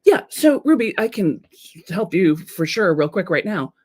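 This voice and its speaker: A woman hosting a live-streamed coaching talk, frank and animated, who swears casually and reads out viewer comments. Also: lowish voice, a little slow, breathy edge.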